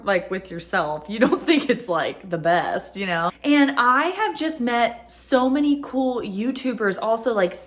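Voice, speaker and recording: A woman's voice: a little high, fairly bright tone. Gushing, emotional woman vlogger. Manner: emotional, gushing, many fillers. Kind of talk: casual chat to camera. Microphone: phone camera.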